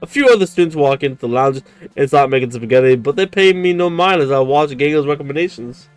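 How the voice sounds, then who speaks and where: A man's voice: fairly high pitch, quick pace, clean tone, no echo, soft background music. A man streaming a dating game, reading its text aloud and chatting with his viewers in a giggly, stammering way. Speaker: gaming streamer.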